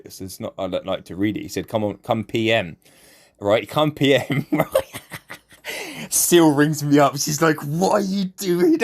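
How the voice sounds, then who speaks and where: A young man giving casual, sweary gameplay commentary and laughing often as he recounts chatting with a player. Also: on the low side. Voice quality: sweary, laughs a lot while telling it. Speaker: gaming YouTuber.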